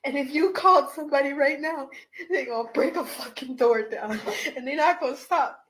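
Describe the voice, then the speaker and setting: A woman, a dance teacher, recording an emotional video message. She is tearful and laughs through her tears as she speaks in a halting, repetitive way. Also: high voice, a bit bright, slight background noise.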